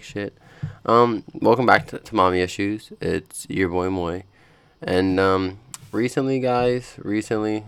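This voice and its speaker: A man's voice: lowish voice, creaky, clean tone, no echo. A young man hosting his own podcast, rambling and cursing in a frustrated, casual chat from his room at home. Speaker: podcast host.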